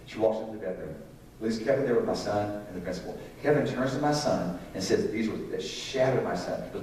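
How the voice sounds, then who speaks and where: This preacher's voice is on the low side, a little mellow, and he talks a little fast. Preaching about parenting in a church sanctuary, he keeps a conversational tone and asks the congregation questions, captured by a distant mic in an echoey hall with slight hiss or hum.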